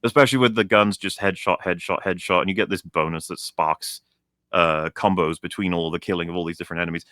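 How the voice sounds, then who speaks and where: Bright-voiced ranting man, low-pitched. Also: quick pace, dry recording, studio quality. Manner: animated, profane, mocks characters in put-on voices. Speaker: stream guest. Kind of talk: ranting game critique on a stream.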